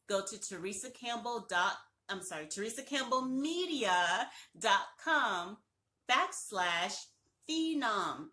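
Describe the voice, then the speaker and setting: A woman's voice: mid-range voice, sharp tone. A woman branding coach giving an emphatic, repetitive, encouraging motivational talk on a live stream.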